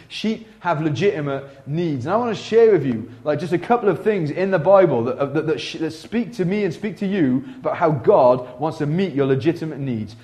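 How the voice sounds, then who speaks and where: A man's voice: fairly high pitch, darkish tone. A man preaching a sermon in a church, speaking in a conversational way with many fillers and restarts. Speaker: pastor.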